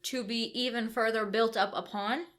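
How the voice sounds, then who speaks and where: A podcast co-host explains a book's ideas one step at a time, conversationally asking "right?" as she goes. Her voice is a little high and a bit bright, with a steady tone at normal speed.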